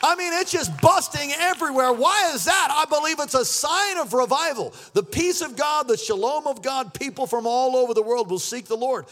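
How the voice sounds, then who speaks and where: High-voiced pastor preaching loudly. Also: male voice, normal speed, hardly any pauses. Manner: energetic, shouting, call-and-response with congregation. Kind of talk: sermon. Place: church sanctuary.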